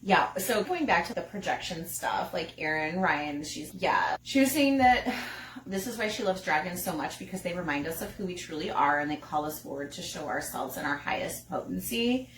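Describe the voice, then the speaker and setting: A woman's voice: fairly low pitch, animated, moderate pace. A woman co-hosting a podcast in casual chat, talking frankly, laughing and reading comments aloud. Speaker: podcast co-host. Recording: roomy room, voice off-mic, faint noise.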